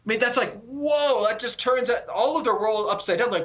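A man speaking as a guest author on a call-in radio interview, earnest and animated, often repeating words as he thinks aloud. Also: extremely high pitch, brisk, muffled recording.

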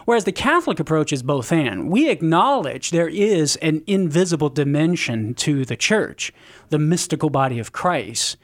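A man's voice: a little high, sing-song, moderate pace. A man on a call-in radio show, explaining church teaching in an earnest, teacherly way. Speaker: Catholic apologist radio guest.

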